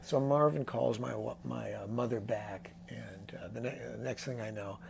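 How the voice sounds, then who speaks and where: Older male songwriter guest with a gravelly voice, animated storyteller who acts out the people he quotes. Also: medium pitch, normal speed, slight background noise. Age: 60s. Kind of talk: casual storytelling interview.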